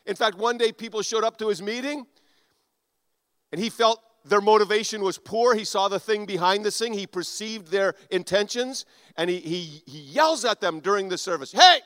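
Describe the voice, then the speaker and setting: A man preaching a sermon, animated, acting out quoted voices and swinging between loud and soft. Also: sits high, normal speed, no echo. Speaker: pastor.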